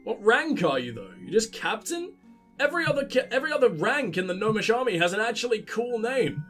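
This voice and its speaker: A man hosting a let's play, giving casual gameplay commentary full of profanity and mocking jokes. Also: high voice.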